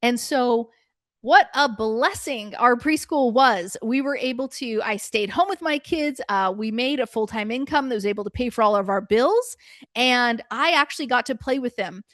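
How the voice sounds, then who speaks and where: Woman, middle-aged, preschool business coach, lively storyteller, fairly high voice, dry close sound. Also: moderate pace, no room sound. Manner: animated storytelling, acting out her own past reactions. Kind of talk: storytelling workshop presentation.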